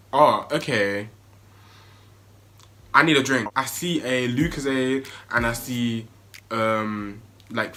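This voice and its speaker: A young man, telling a wild story in an excitable, animated way that jumps into high yelps. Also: slight background noise. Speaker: vlogger. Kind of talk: storytime vlog.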